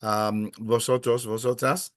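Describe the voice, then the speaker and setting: A man teaching a Spanish class in a classroom, patiently prompting students, praising their answers and pausing often with "uh". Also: mid-range voice, little pitch movement, no room sound, clean studio sound. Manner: hesitant, many "uh" pauses. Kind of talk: classroom language lesson.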